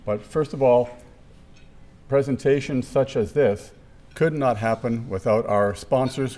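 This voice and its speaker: A man's voice: fairly low pitch, darkish tone. A man hosting a chamber of commerce forum, thanking the sponsors and naming guests in the meeting room in a friendly, informal way. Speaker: chamber of commerce event host. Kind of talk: welcoming remarks at a business forum.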